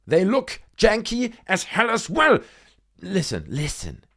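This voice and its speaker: A man's voice: sits high, wildly swooping pitch, slow pace, gravelly, a bit bright. A young man hosting a casual commentary video, talking with animation and sarcasm and calling his viewers dude. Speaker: video host.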